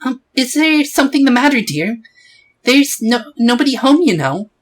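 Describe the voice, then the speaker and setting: Man putting on a chattering old woman neighbor, high and fussy, soft and gossipy, game playthrough. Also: big pitch swings, normal speed, exaggerated voice, poor audio.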